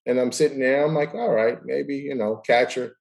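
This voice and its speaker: A man's voice: medium pitch, moderate pace, gravelly, poor audio. A man hosting a casual interview, telling stories animatedly and acting out the dialogue. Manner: animated storyteller who acts out dialogue. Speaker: host.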